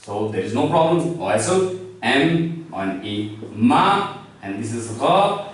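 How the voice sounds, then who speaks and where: Slow-spoken man teaching in an echoey room. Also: medium pitch, very animated. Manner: slow, explanatory, asks and answers own questions. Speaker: French teacher. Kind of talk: classroom lesson. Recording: echoey room, far from the mic.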